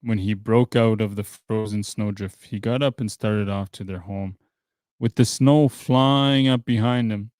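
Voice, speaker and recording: A man hosting a podcast, reading a translated traditional story aloud in a plain, steady way, with dry offhand asides. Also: on the low side, measured pace, dry recording. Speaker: podcast host.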